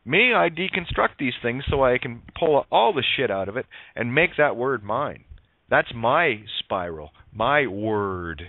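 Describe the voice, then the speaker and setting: Lively-voiced man on a tinny line. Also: mid-range voice, no room sound. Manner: emphatic, sarcastic, preachy, swears, plays on words. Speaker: radio show host. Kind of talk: spiritual monologue on a talk radio show. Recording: tinny phone-line radio audio.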